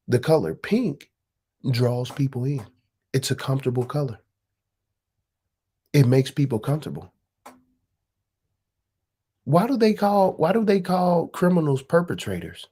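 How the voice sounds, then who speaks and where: A woman's voice: deep voice, big pitch swings, measured pace, pauses often, mellow, breathy edge. A woman hosting a live stream, talking casually and firing off profane rhetorical questions.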